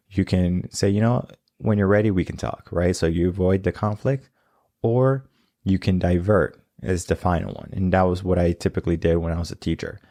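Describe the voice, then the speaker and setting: A man with a deep, mellow voice hosts a coaching show, explaining ideas in a relaxed, conversational way and often adding "right?" to check in. The recording is dry and close, with no room sound. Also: dry recording. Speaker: coach and podcast host. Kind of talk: casual coaching talk.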